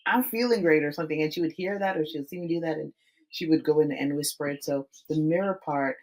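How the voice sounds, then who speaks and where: A woman's voice: sits low, steady tone, fast talker, a little mellow, poor audio. A woman in her forties hosting a podcast interview, chatting animatedly and laughing often between phrases. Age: 40s. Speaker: podcast host. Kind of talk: casual interview chat.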